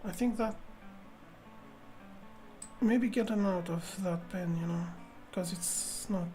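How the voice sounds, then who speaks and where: Slow, muttering woman chess streamer. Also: on the low side, dark tone, soft background music. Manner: muttering to herself, repeating phrases, halting. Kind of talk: thinking aloud while playing chess.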